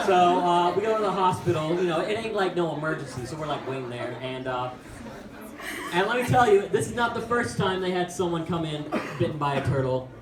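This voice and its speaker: A man's voice: sits high, brisk. Rambling young male stand-up comic. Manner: rambling, filler-heavy, self-mocking delivery. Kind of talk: stand-up storytelling. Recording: echoey room from far off with crowd.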